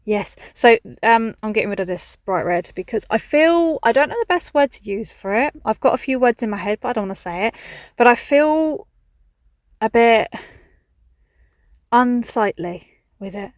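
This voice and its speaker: A woman's voice: fairly high pitch, expressive, moderate pace, no room sound, studio quality. A woman chatting casually in a garden vlog, jokey and self-mocking. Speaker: vlogger. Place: outdoors in a garden.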